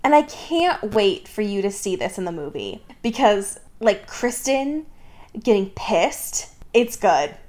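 Animated giggly woman recapping a story. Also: medium pitch. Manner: animated, giggly, acts out characters in quick mock voices. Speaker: podcast co-host. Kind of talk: casual book discussion chat.

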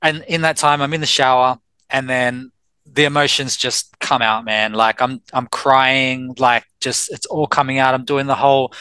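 An Australian man in his thirties, a life coach telling his own story in a candid, animated way with quoted dialogue. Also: mid-range voice, normal speed, clean tone, dry recording, poor audio. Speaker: life coach and personal trainer, guest. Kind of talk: casual storytelling in an interview.

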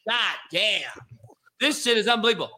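A man giving a profane, exasperated rant while reviewing high school football film, swearing heavily and breaking into laughter. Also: moderate pace, background noise. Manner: loud, exasperated ranting with bursts of laughter; heavy swearing. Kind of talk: profane casual commentary on recruit film.

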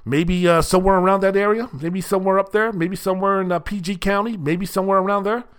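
A man's voice: high-pitched, fairly even intonation, quick pace, clear, resonant tone. An older man hosting a solo sports talk show, talking in a blunt, rambling, profane way with many fillers. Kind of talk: casual solo sports commentary.

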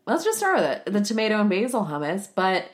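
A woman's voice: medium pitch, huge pitch swings, quick pace. A woman co-hosting a casual podcast with wry, teasing banter. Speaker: podcast co-host. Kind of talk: casual chat.

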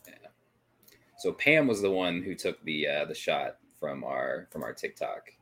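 A man's voice: extremely low pitch, lively intonation, a little slow, a bit bright, slightly rough. A man co-hosting a paranormal podcast, casually recapping a ghost-hunting night, rambling with frequent restarts. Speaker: paranormal investigation podcast co-host.

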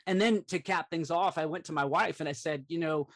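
A middle-aged man with a fairly high voice tells a personal story as a podcast guest. He speaks earnestly and with animation, often filling gaps with "like". His delivery is conversational storytelling rather than a scripted read. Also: a little fast. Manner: earnest, animated retelling, frequent "like" fillers.

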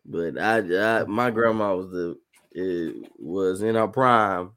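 A man hosting a casual podcast chat, telling animated stories and slipping into exaggerated voices. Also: low voice, slow. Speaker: podcast host.

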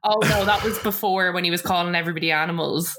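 A woman's voice: lowish voice, quick pace. A woman co-hosting a podcast, chatting casually and acting out quotes with laughter. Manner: animated, acts out quotes with laughter. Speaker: podcast co-host. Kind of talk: casual recap chat.

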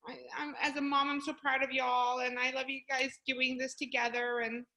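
A woman's voice: sits high, level tone, moderate pace, bright, forceful tone. A middle-aged woman, a mother guesting on a casual podcast, giggly and emotional, rambling with many restarts.

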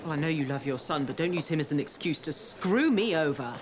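An actress playing a fiery, sharp-tongued British female surgeon with a British accent, cutting and sarcastic. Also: deep voice, animated, brisk. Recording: TV drama clip with crowd noise behind.

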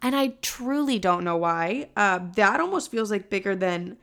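A woman's voice: mid-range voice, animated, moderate pace, creaky, fairly bright tone, clean tone. A woman in her twenties from Chicago, hosting a podcast in casual chat, chatty, with lots of "like" and "literally" and easy swearing. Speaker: podcast host.

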